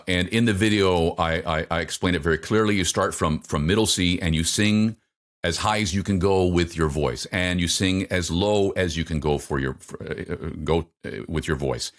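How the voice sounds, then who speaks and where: A middle-aged man with a very deep voice, speaking as a voice coach in an interview. He talks haltingly and keeps circling back with fillers and repeated words as he explains. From North America. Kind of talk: interview answers.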